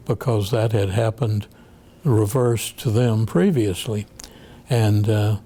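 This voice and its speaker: An older man, a federal appeals judge, telling an oral history in a measured, halting way with frequent pauses. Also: lowish voice, dark tone.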